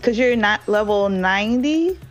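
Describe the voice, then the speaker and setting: A woman on a voice chat patiently explains game mechanics to a friend in a casual, helpful way. Her pitch is mid-range, and faint music plays in the background. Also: expressive, measured pace, rough recording. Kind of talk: casual gameplay talk.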